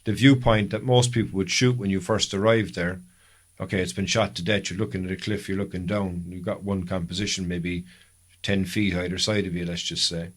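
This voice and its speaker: A man's voice: sits low, steady tone, brisk. An Irish man co-hosting a podcast, chatting casually and telling long, rambling stories that he often corrects as he goes. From Ireland. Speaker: podcast co-host. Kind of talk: casual chat.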